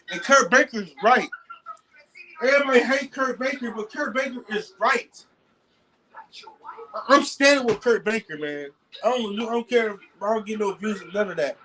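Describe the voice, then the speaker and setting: A man's voice: extremely high pitch, bright, forceful tone, a little hiss or hum, low-quality recording. A man ranting angrily as a football fan on his own video channel, cursing and stammering over his words. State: angry. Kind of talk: heated fan rant vlog.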